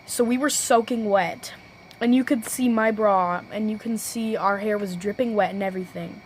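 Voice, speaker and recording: A teenage girl recounting a story for her vlog at a medium pitch. She rambles, corrects herself mid-sentence and keeps saying "low-key," with a faint noise under her voice. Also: moderate pace, rough recording. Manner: self-correcting, restarts sentences. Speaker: vlogger.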